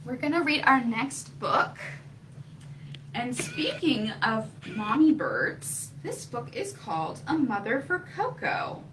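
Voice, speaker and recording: A woman reads a picture book to young children at a library story time, slow and sing-song, her voice bright and leaping up and down in pitch. She is heard from a little way off the mic, with faint room noise behind her. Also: very animated, distant mic, rough recording.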